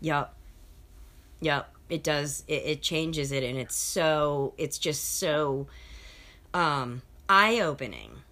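Woman telling a story on a podcast, lively, does the voices of the people. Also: low-pitched, slow. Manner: animated storyteller, acts out quotes. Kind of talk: casual conversation, storytelling.

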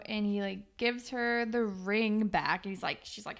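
A woman's voice: moderate pace, hardly any pauses. A young woman co-hosting a casual recap chat, animatedly retelling scenes and imitating characters. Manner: animated retelling, mimics characters in higher voices. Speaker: podcast co-host.

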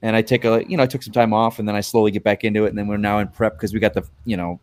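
A man's voice: fairly low pitch, very fast, dry recording. A man chatting casually as a guest on a late-night podcast, swearing freely and acting out other people's lines. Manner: animated, swearing, acts out others' lines in raised voice.

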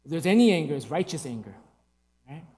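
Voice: medium pitch, big pitch swings, fast talker, darkish tone. A preacher delivering an emphatic sermon, asking the congregation rhetorical questions. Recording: long hall reverb.

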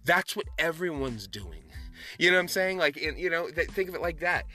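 A man's voice: a little high, expressive, pushed and bright, faint music behind. A man hosting a solo podcast, talking with passion and emphasis, often restarting his sentences. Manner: passionate, emphatic, talks fast with many restarts. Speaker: podcast host.

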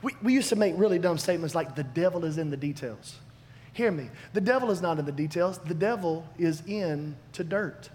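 A man preaching a sermon, animated and emphatic, swinging between loud declarations and hushed asides. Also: high voice, a little fast, few pauses. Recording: long hall reverb, faint background noise.

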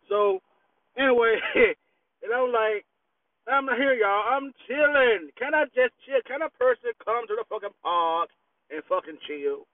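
A man's voice: very high voice, sing-song, unhurried. A man, a bit tipsy, chatting in a laid-back, profane way from his parked vehicle. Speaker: vlogger. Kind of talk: casual rambling chat. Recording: tinny phone-like, dry.

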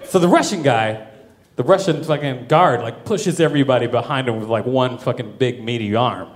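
A man telling a wild comic story in stand-up style, profane and animated, often laughing through his lines. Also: mid-range voice, normal speed. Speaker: comedian.

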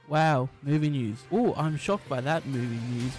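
A man's voice: mid-range voice, normal speed, a little mellow, faint music behind. A young Australian man co-hosting a casual movie podcast, playful and jokey. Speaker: podcast co-host.

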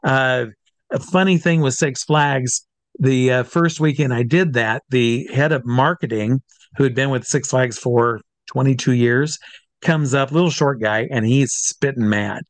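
A man working as a stage hypnotist, telling anecdotes in an interview in an animated way and acting out what others said. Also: mid-range voice, unhurried, dry recording. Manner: animated, acts out quotes of others. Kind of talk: storytelling in a conversational interview.

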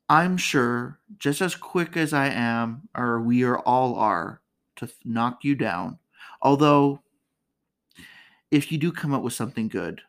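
A woman hosting a casual comedic commentary, chatty and candid, laughing often. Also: extremely low pitch. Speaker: podcast host.

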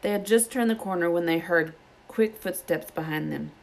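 A woman reading a children's novel aloud, with steady, plain narration. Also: lowish voice, moderate pace, creaky. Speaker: storybook reader.

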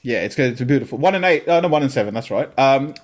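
Young male podcast host, casual, dramatic sighs and exclamations, average pitch. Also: lively intonation, rapid-fire. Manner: exclaims and groans, running the picks. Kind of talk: casual chat, reading out game picks.

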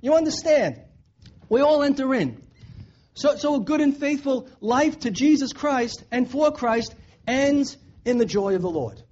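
A man's voice: very high-pitched, animated, a little slow, a little mellow. A man preaching a sermon in an earnest way, repeating his points for emphasis. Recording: dull lo-fi recording.

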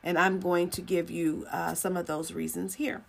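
Brief: woman host, live faith teaching, chatty, repeats lines for emphasis, slips into quick voices for little dialogues. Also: lowish voice, level tone, gravelly, a little hiss or hum. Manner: conversational, repeats phrases for emphasis.

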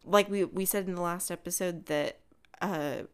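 A woman's voice: on the low side, normal speed, clean tone. A woman co-hosting a podcast, chatting casually about a film and acting out lines from its scenes. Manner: animated, acts out quotes from scenes. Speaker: podcast co-host.

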